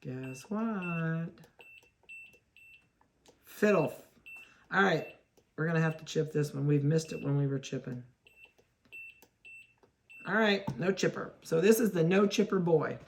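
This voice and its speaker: A woman's voice: sits low, lively intonation, unhurried, pauses often, slight background noise. A woman dog breeder giving a chatty running commentary while handling puppies, talking to them and laughing at her own mix-ups. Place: indoors at a kennel.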